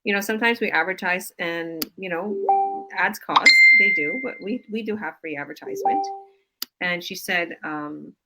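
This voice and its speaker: A woman's voice: lowish voice, normal speed, heavy background noise. A woman coach hosting a casual live stream over a video call, gushing with enthusiastic praise.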